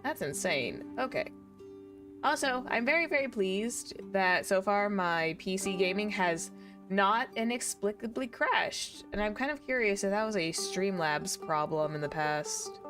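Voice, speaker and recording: A woman's voice: medium pitch, lively intonation, unhurried, music in the background. A young woman VTuber chatting casually on a gaming stream, rambling with many fillers. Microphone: desk streaming mic.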